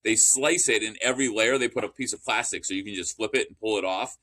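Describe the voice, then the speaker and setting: A man's voice: fairly low pitch, fast talker, pushed and bright. A man in casual podcast chat, telling long rambling stories with restarts and the odd curse.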